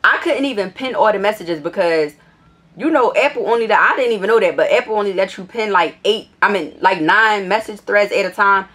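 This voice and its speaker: A woman vlogger telling a casual story in a blunt, profane, animated way. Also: mid-range voice, brisk.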